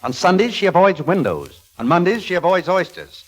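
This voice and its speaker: A dry, sardonic scientist husband, lively up-and-down delivery, 1940s radio play. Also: male voice, high voice, brisk. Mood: sardonic, giddy. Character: wry astronomer husband, dryly exasperated.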